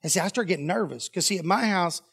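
A man's voice: sits high, animated, fast, gravelly, fairly bright tone, breathy edge. A man preaching a sermon as pastor, telling a story animatedly and acting out the dialogue.

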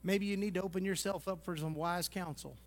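High-voiced folksy preacher. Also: male voice, steady tone, a little fast. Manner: folksy, teasing, swings from loud to hushed. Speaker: pastor. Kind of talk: sermon.

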